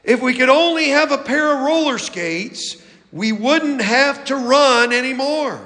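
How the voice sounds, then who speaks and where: A man putting on a squeaky little mouse voice, anxious and pleading, pitched well above his usual talk and drawn out slowly. The sound carries a long reverb, as in a big church hall. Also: expressive, bright, forceful tone, full character voice. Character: group of small anxious mice.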